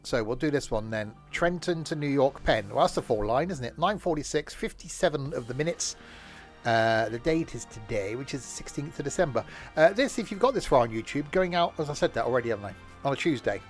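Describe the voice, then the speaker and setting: A hoarse man chatting casually as he streams a train game, rambling with plenty of fillers and self-corrections. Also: medium pitch, lively intonation, fairly quick, faint music behind. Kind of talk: casual live-stream commentary.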